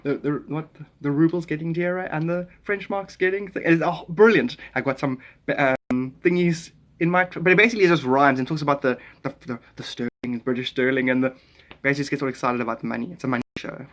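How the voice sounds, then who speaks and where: Speaking at a quick pace in a mid-range voice, a man hangs out on a phone live stream. He rambles and chuckles while responding to comments from viewers, throwing in some playful German phrases.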